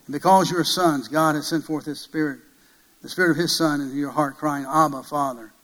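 A man preaching a sermon, emphatic, swinging from loud peaks to hushed passages and asking many rhetorical questions. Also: on the high side, fairly even intonation, a little fast, rough recording.

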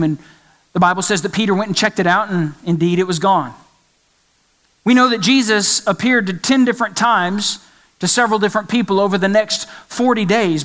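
A man with a high-set voice preaches a sermon. He speaks with emphatic conviction and drives points home by repeating them. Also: a bit bright. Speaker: pastor.

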